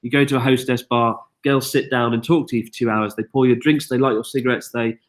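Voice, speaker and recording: Tired British male host of a live Q&A stream; brisk, chatty, reads viewer questions aloud. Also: medium pitch, fairly even intonation. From United Kingdom. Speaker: YouTube host.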